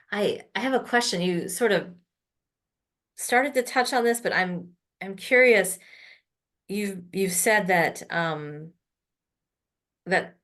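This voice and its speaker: A woman's voice: lowish voice, a bit bright. A woman hosting an interview, asking curious, hesitant questions with fillers and restarts. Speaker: interviewer, podcast host.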